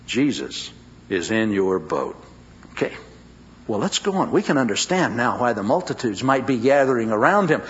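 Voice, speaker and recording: Animated male preacher, dull recording. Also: fairly high pitch. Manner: dramatic, with drawn-out emphatic phrases. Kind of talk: sermon. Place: church service with a congregation.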